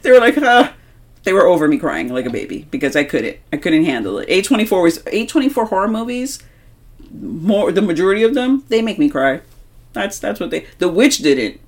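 A woman's voice: fairly low pitch, brisk. A young woman co-hosting a horror movie podcast, talking emphatically and swearing a lot in casual chat. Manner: animated, heavy swearing, emphatic. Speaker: podcast co-host.

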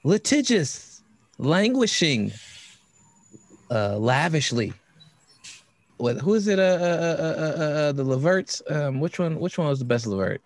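Lively, animated podcast host man. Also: fairly high pitch, a little slow, long pauses. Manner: animated, laughing, joking word play. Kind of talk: casual podcast banter. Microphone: studio mic.

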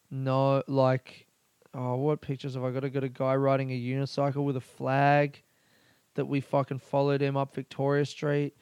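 A man talks in a loose, rambling podcast monologue, swearing freely. His voice is smooth and resonant at a middle pitch. The sound is close and dry. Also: darkish tone, no echo. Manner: rambling, profane and laughing. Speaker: podcast host. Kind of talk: casual solo podcast monologue.

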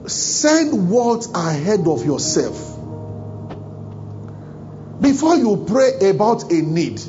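A man from Africa with a fairly high voice preaches to his church, breaking into chuckles and acting out little scenes. The recording is dull and lo-fi, with faint music underneath. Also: very animated, slow pace, long pauses, warm tone. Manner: humorous, chuckling often, acts out quoted dialogue. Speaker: pastor. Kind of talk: sermon. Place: church service.

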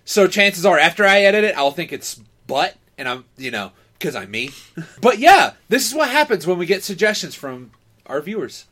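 A man hosting a casual comedy podcast, excitable and crude, swearing freely. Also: high voice, normal speed. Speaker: podcast host. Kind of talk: casual chat.

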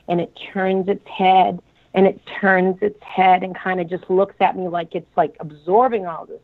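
A woman with a Boston accent calling in, retelling a frightening experience in an animated, dramatic way. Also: medium pitch. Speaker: caller. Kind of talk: call-in storytelling. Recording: tinny phone line.

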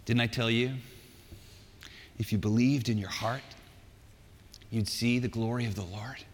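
A man voicing a gentle, loving male teacher who reassures softly in a sermon. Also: mid-range voice, steady tone, unhurried, a little hiss or hum, pitched below the performer's own voice, close to an everyday voice. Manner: soft, reassuring. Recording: long hall reverb.

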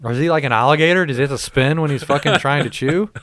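A man's voice: a little high, fast, a bit bright, no echo, clean studio sound. A middle-aged man hosting a casual podcast, rambling and exasperated, swearing a lot as he tells stories. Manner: rambling, profane, exasperated storytelling. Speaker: podcast host. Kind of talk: casual profane podcast chat.

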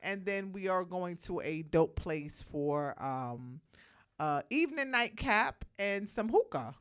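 A woman's voice: fairly low pitch, very animated, takes it slowly, clean tone. A young woman co-hosting a radio show, joking and laughing as she chats on the mic. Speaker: radio co-host. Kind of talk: casual radio banter. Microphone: studio microphone.

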